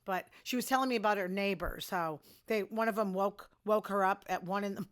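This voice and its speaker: An older woman hosting her own show, chatting bluntly about the news and her personal life and quickly getting outraged. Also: medium pitch. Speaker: show host. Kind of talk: casual news commentary.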